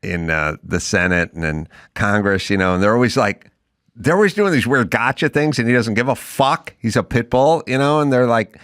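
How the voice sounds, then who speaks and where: Male talk host, bright edgy voice, lively swooping delivery, cusses freely. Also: mid-range voice, moderate pace, clean tone, dry recording, studio quality. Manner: profane, ranting, animated storytelling. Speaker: podcast host. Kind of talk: casual talk-show banter.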